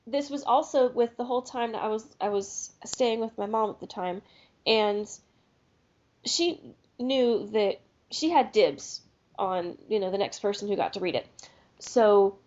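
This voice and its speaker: A woman's voice: a little high, a little mellow. A woman co-hosting a podcast, telling a story in a rambling, casual way with restarts. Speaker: podcast co-host. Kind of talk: casual chat. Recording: lo-fi podcast audio.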